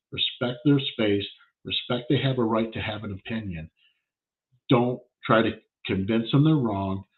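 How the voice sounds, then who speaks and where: A man hosting his own show, telling a story in a blunt, plain-spoken casual monologue. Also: lowish voice. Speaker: podcast host, shop owner. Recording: tinny phone-like sound.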